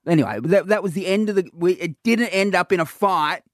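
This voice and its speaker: A middle-aged Australian man tells a story on a comedy radio show, acting out the quotes and laughing as he goes. His voice sits a bit high for a man. The sound is close and dry. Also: a little fast, dry recording. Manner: animated anecdote telling with laughs and acted quotes. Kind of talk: casual storytelling chat.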